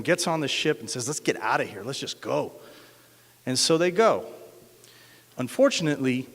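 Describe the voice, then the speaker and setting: A man's voice: mid-range voice, a bit bright. A man from Denver telling a myth at a cafe open mic, hesitant with many fillers. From Denver, USA. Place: cafe event room. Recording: echoey hall.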